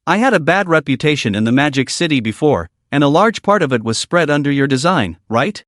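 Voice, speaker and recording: A man's voice: on the high side, big pitch swings, fairly quick, fairly bright tone, no echo, studio quality. A man voicing a scheming young man who sounds falsely earnest and slightly playful.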